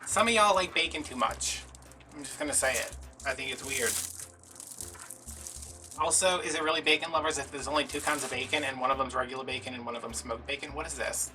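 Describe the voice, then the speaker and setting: A man's voice: medium pitch, brisk, bright, forceful tone, distant mic, soft background music. A man chatting casually in a craft vlog from home, rambling and dramatically mocking himself. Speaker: craft vlogger.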